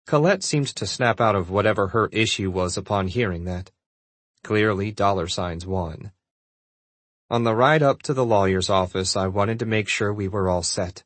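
A man narrating a romance novel in the first person, calm and measured. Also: on the low side, no echo. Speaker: audiobook narrator.

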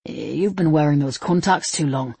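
A woman voicing a cool, teasing young man with a dry, low-key manner in a read-aloud story. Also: moderate pace, vocal fry, a little mellow, husky, no room sound, exaggerated voice.

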